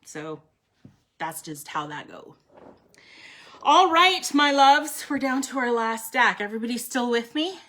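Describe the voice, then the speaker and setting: A woman's voice: on the high side, sing-song, measured pace, bright, forceful tone. Blunt, foul-mouthed woman reading tarot live. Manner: blunt, profane, emphatic; chatty, addresses viewers by name. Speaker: tarot card reader.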